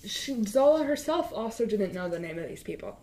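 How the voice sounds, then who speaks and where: A woman's voice: medium pitch, very animated, fairly quick, a little mellow. A woman co-hosting a podcast, chiming in with short remarks and laughter. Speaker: podcast co-host. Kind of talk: casual chat.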